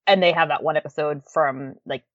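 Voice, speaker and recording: A woman's voice: deep voice, steady tone, a little fast, no room sound. A woman chatting casually as a podcast co-host, with lots of fillers and frequent laughter. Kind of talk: casual chat about a TV series. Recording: dull lo-fi dry sound.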